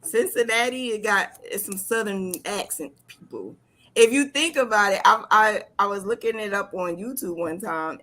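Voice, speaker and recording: A woman's voice: medium pitch, fairly bright tone. A woman with a New Jersey accent hosting a casual chat on a video call, emphatic and laughing often. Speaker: host.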